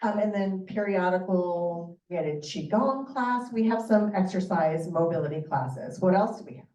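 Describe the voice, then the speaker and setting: A woman's voice: fairly low pitch, lively intonation, normal speed, mellow. A woman presenting library programs to a community audience, upbeat and asking the room questions. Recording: echoey room from far off, dull.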